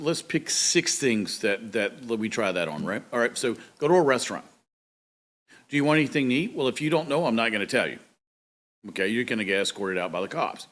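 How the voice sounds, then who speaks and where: A man's voice: mid-range voice, fairly bright tone. A man, a pastor hosting his own show, chats in a folksy, casual way. He often slips into short acted-out quotes to make his point. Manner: chatty, folksy, acts out quotes. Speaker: pastor and talk show host. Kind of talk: casual monologue.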